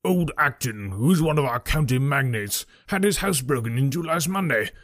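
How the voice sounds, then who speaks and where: Hearty old army colonel, husky and brisk, dry close read, as a male narrator puts him on. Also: mid-range voice, animated, a bit bright, no room sound. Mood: chatty. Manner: brisk, matter-of-fact. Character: bluff old retired army colonel, hearty country gent. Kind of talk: audiobook character reading.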